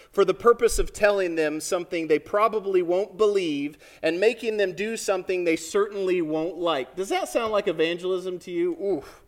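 Conversational priest preaching a sermon. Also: male voice, high voice. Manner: lively, conversational preaching with asides to the congregation.

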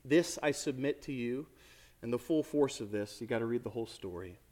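A man preaching a sermon as a priest, talking to the congregation in a lively, conversational way with many asides. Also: mid-range voice, brisk.

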